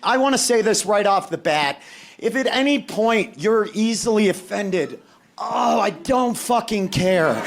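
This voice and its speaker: A man from Maine doing a brash, profane, self-mocking stand-up set on a club stage. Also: very high-pitched. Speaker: stand-up comedian. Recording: live club mic with crowd and noise. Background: audience laughing.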